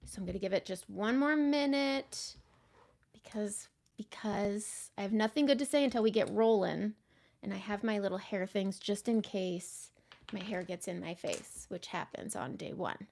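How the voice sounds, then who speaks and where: A woman hosting a makeup livestream, chatting casually with viewers and drifting into soft muttered asides. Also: mid-range voice, lively intonation, measured pace.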